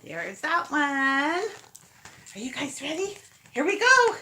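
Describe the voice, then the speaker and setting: High bright-voiced mother reading aloud. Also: big pitch swings, slow, slight background noise. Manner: coaxing, playful, invites the children to repeat. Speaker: mother reading to her children. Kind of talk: reading a picture book aloud to toddlers.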